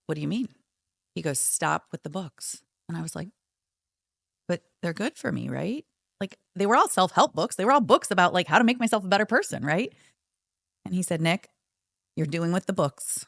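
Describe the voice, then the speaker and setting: A woman with a low voice and a gravelly edge speaks as a podcast guest, reflective and candid. The sound is dry and close, with no room around it. She brings back past conversations by acting out the other voices. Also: no room sound. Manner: reflective, acts out quoted friends and therapist. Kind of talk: candid storytelling.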